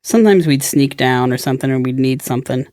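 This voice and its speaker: A man's voice: medium pitch, fast talker, darkish tone, no echo, studio quality. A man co-hosting a podcast, musing in casual chat and often searching for words. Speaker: podcast co-host.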